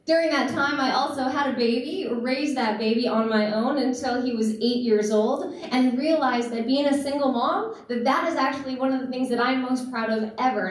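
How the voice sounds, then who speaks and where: A woman in her thirties gives an earnest, reflective talk from a stage, her voice slightly high and pausing now and then with fillers. The sound is very echoey, and she is heard from some distance off the mic, with faint noise underneath. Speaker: teacher and speaker. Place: festival stage in a large hall. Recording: echoey hall, voice picked up from a distance.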